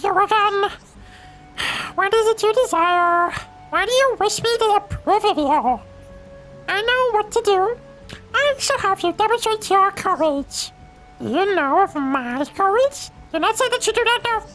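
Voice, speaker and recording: A man voicing a pompous old male Nopon sage, a tiny creature, in a squeaky high put-on voice, reading game dialogue. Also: animated, unhurried, sharp tone, faint music behind, heavily acted. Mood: haughty. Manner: haughty, stately and condescending.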